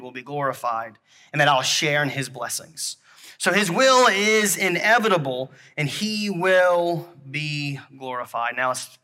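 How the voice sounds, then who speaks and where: A man preaching a sermon, earnest and halting, often repeating himself and speaking to the children in the congregation. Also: a little high, pushed and bright. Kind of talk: sermon with object lesson.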